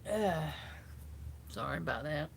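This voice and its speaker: A woman's voice: deep voice, lively intonation, measured pace, vocal fry, a little hiss or hum. Chatty Southern woman on a phone. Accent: Southern US, South Carolina. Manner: chatty, rambling, easygoing. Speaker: vlogger. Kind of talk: casual live chat with viewers.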